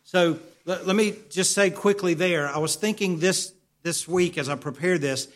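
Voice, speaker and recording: Man, pastor, sermon, earnest, repeats himself for emphasis, asks the church questions, slightly high voice. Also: moderate pace, few pauses.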